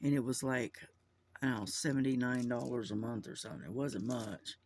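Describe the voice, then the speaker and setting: A vlogger with a medium-pitched voice talks a little fast to his camera at home, recorded on the camera mic. He rambles casually indoors, with plenty of fillers and restarts.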